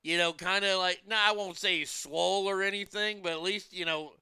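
A man's voice: high-pitched, steady tone, brisk, sharp tone, clear, resonant tone, no room sound. A man rambling casually about food, movies and wrestling, blunt and profane, with many restarts. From United States.

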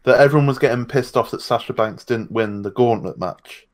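A man's voice: mid-range voice, fairly quick. Guy on a podcast with dry takes, mid voice, no fuss. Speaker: podcast co-host. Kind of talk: casual chat.

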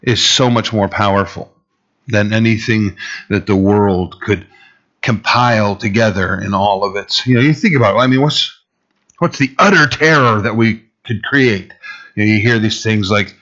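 A man preaching a conversational sermon, full of fillers and asides, rising in pitch when he stresses a point. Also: moderate pace, a bit bright, muffled recording. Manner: casual and rambling, heavy fillers, rises in pitch for emphasis. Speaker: pastor.

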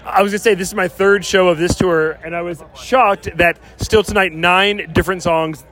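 A man's voice: sits high, steady tone, moderate pace, fairly bright tone. A man who is a concert fan, chatting casually and earnestly about the shows he has been to. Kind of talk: casual chat.

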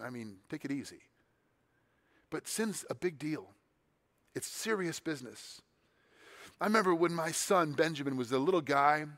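Man preaching in a conversational sermon. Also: on the high side. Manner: conversational preaching with swings between quiet and emphatic. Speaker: pastor.

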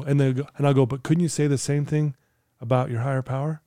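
A man's voice: mid-range voice, flat delivery, fast talker, mellow, clear, resonant tone, dry recording, clean studio sound. A man talking as a guest in an interview, telling stories in an earnest way and acting out talks with his clients. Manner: earnest, acts out dialogue with clients. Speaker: podcast guest, client coach. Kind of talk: conversational storytelling interview.

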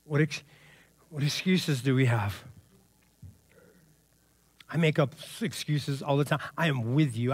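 A man's voice: mid-range voice, measured pace, long pauses, over loud music. A man pastor giving an emphatic, conversational sermon full of casual asides to the congregation.

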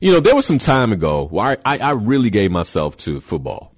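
A man's voice: fairly low pitch, huge pitch swings, a little fast, husky. A man hosting a show, giving an emphatic motivational talk with rhetorical questions and repeated key words.

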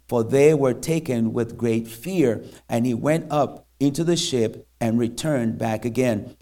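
Man, missionary preacher in church; halting, filler-heavy delivery, mid-pitched voice. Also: darkish tone. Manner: halting, many fillers and restarts. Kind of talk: sermon with scripture reading.

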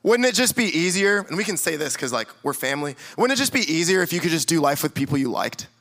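A man's voice: a little high, big pitch swings, fast, gravelly, fairly bright tone. A man, a youth pastor, preaching a sermon and telling stories with playful acted-out quotes in a church. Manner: storytelling, playfully acts out quotes. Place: church sanctuary.

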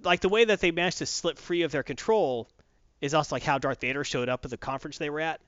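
A man's voice: a little high, fast, a bit bright, clear, resonant tone, dry recording. A man in casual chat, retelling a story animatedly and acting out characters. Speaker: podcast co-host. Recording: dull dry sound.

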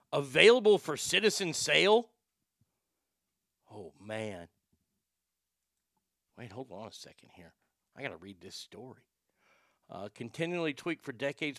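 A man giving crude, excitable casual commentary as he reacts to videos. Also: on the high side, clear, resonant tone, no echo, clean studio sound.

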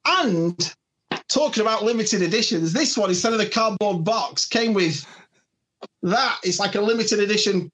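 A man's voice: high-pitched, lively intonation, normal speed, a bit bright. A man with a Yorkshire accent from Northern England, chatting casually as a podcast guest. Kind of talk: casual chat.

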